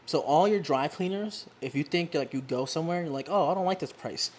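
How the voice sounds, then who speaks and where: A woman's voice: sits low, fairly quick, a little hiss or hum. A young woman, chatting casually on a couch, acting out the voices in her stories and laughing often. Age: young adult. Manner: animated storyteller, acts out quoted voices, laughs often. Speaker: guest. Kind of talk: casual chat. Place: living room, seated on a couch.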